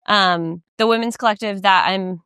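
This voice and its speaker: A woman's voice: mid-range voice, moderate pace, fairly bright tone, clear, resonant tone, no room sound, clean studio sound. A woman co-hosting a podcast, talking casually and rambling through a story with many fillers while walking outdoors by a lake. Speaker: podcast co-host. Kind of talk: casual chat.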